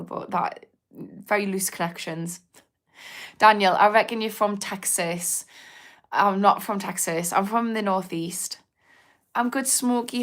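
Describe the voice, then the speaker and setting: A woman's voice: medium pitch, fairly bright tone. Woman, Geordie accent, young adult, casual livestream chat, rambling, frequent laughs. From Newcastle, England. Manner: chatty, rambling, laughs often, swears casually. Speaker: livestream host answering viewer comments.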